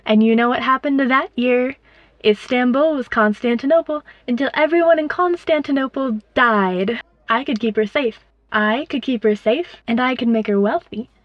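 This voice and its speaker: Booming female devil with an old-movie accent, high, slow and grand, short-fused and menacing, as a woman puts her on, dull dry lo-fi sound. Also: no echo, lightly acted.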